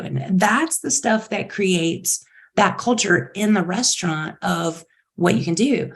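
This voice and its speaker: A woman's voice: medium pitch, moderate pace. Enthusiastic woman executive telling stories. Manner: enthusiastic, acts out quotes in bright voices. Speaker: chief executive guest. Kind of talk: animated interview storytelling.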